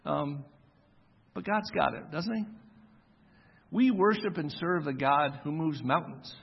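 A man's voice: a little high, takes it slowly, vocal fry, slightly rough. A man in his forties preaching a sermon in a casual, conversational way, acting out the quoted voices as he tells the story. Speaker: pastor. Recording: echoey hall, dull lo-fi sound.

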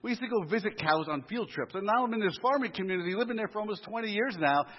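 A man's voice: high voice, expressive, quick pace, husky. A man preaching a sermon, with conversational asides and humor. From US inner city. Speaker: pastor. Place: church sanctuary. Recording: muffled live church audio, long reverb.

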